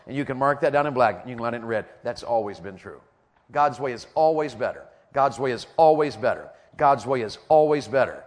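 A man's voice: mid-range voice, big pitch swings, a little fast. A middle-aged man preaching a sermon, folksy and repetitive, calling out questions to the crowd. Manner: folksy, repeats lines, calls out to the audience. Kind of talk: sermon with stories.

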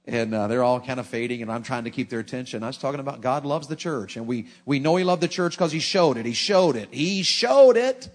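A middle-aged man, preaching a sermon with folksy, animated humor. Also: mid-range voice, quick pace, hardly any pauses.

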